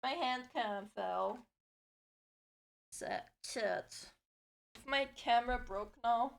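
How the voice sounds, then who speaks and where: A woman's voice: on the high side, takes it slowly, vocal fry, long pauses. A woman live streamer chatting casually, flustered and swearing as she troubleshoots her setup.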